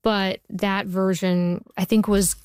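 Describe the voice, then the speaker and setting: A woman's voice: medium pitch, level tone, slow, darkish tone, clean tone, no room sound. A woman in her forties, a TV writer, giving chatty interview answers full of stories and fillers. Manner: chatty storyteller, many fillers. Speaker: TV writer and showrunner.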